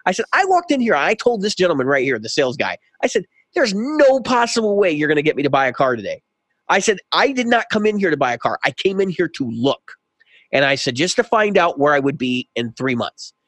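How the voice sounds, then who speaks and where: A man's voice: a little high, big pitch swings, fairly quick, a bit bright, no echo. A man co-hosting a podcast who tells a long story in casual chat and acts out both sides of a heated exchange. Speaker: podcast co-host.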